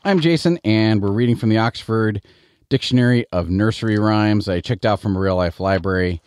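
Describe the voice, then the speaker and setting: A man's voice: fairly low pitch, fairly quick, a little mellow, clean tone, no room sound. A middle-aged man with a Midwestern American accent, hosting a bedtime story show and reading nursery rhymes aloud in a chatty, self-correcting way. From Midwestern United States. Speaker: storytelling host.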